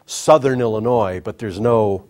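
A man's voice: lowish voice, unhurried, darkish tone. A man hosting a comedic talk show, delivering a wisecracking monologue.

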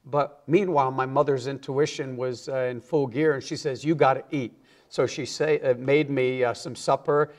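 A man's voice: medium pitch, steady tone, moderate pace, hardly any pauses, darkish tone. Earnest man telling his testimony. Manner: earnest storyteller who acts out the quoted voices. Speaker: evangelist guest. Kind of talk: personal testimony in a TV interview.

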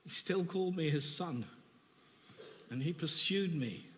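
A man delivers a sermon in a church, his voice pitched high and bright. He speaks with deep feeling, often restarting and repeating phrases as he tells his own story. The recording carries the long reverb of a church hall. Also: animated, a little slow, a little hiss or hum. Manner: emotional, personal testimony with repetitions. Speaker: preacher.

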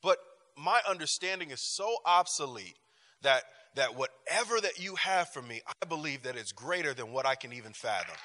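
A man's voice: mid-range voice, normal speed, in a large hall. A man teaching a church class, telling a personal story with frequent laughs and talking straight to the room. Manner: animated, laughing often, talks to the room. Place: church hall. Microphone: handheld microphone.

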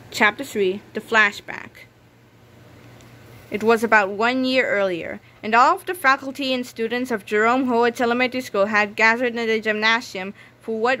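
A woman's voice: on the high side, bright, forceful tone. A woman reading a children's book aloud, telling the story with small slips and restarts. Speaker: reader.

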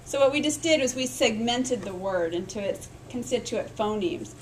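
A woman with a fairly high, animated voice at a moderate pace teaches a recorded literacy lecture, on a low-quality recording with slight hiss or hum. She explains step by step, sounds out speech sounds aloud, and checks in with her listeners.

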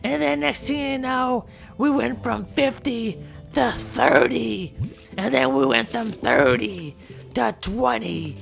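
A woman's voice: on the high side, lively intonation, takes it slowly, creaky, soft background music, heavily acted. A woman voicing a chatty young bottlenose dolphin who tells a rambling tale in character over game footage, stammering and repeating herself. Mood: grim. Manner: rambling, stammering storyteller full of fillers and repeats.

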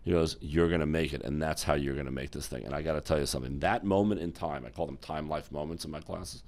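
A man's voice: rumbling low, quick pace, a little mellow. A middle-aged man from the United States, an interview guest who tells stories animatedly and acts out the voices of people he quotes. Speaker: guest, former exchange executive. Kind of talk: storytelling interview talk.

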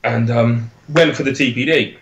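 A man's voice: mid-range voice, moderate pace, a bit bright, lo-fi sound, slight background noise. Rambling young Englishman with an Oxfordshire accent. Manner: rambling, self-correcting, laughs easily. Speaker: guest, e-liquid maker. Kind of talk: casual live-stream chat.

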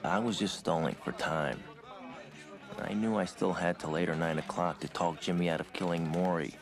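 An actor playing a world-weary gangster who narrates his past in a flat, confiding film voice-over. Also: sits low, normal speed, over music.

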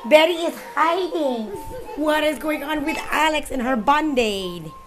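A woman's voice: high-pitched, animated, a little slow, music in the background. A mother filming at home, talking to her small children in a coaxing, playful baby-talk voice. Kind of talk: casual home video chat with small children. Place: at home near a child's bed.

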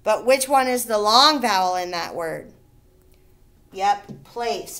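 Slow, patient woman teacher. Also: mid-range voice, fairly bright tone, a little hiss or hum. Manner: slow, clear, patient, stretching out words syllable by syllable. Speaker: first grade teacher. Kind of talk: recorded remote reading lesson.

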